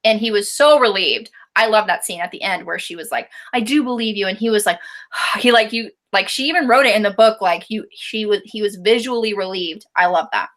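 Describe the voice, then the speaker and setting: A woman's voice: mid-range voice, brisk, a bit bright. A woman co-hosting a casual book discussion, chatty, with frequent laughs and fillers. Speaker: book review co-host.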